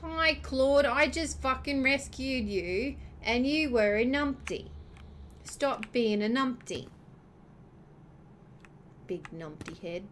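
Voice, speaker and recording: A woman's voice: high voice, expressive, takes it slowly, long pauses, a little hiss or hum. A woman streaming gameplay, ranting and swearing at the game as she plays. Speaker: gamer streamer. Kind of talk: gameplay commentary.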